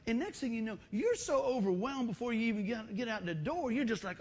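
A man preaching a sermon, lively and acting out little everyday scenes with voices. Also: extremely high pitch, quick pace, few pauses, breathy edge. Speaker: pastor.

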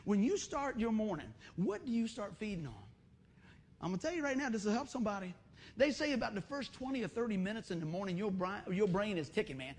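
A man preaching a sermon, lively and acting out little everyday scenes with voices. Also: high-pitched, fast talker, a little hiss or hum. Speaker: pastor.

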